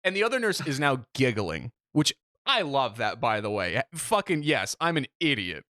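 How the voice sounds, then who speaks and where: Forceful, self-mocking male podcast host. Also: medium pitch, moderate pace, dry recording, clean studio sound. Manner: animated, self-mocking, swearing freely. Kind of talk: casual storytelling chat.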